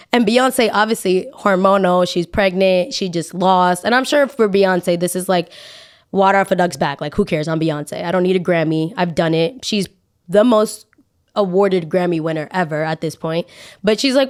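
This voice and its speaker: A young woman hosting a podcast, talking casually in an animated, dramatic and exasperated way. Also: mid-range voice, moderate pace. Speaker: podcast host. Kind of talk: casual opinion monologue.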